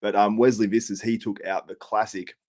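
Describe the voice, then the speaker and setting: Casting: male host, low voice, upbeat and chatty podcast banter. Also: level tone, darkish tone. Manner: upbeat, chatty, quick to laugh along. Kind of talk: casual podcast chat.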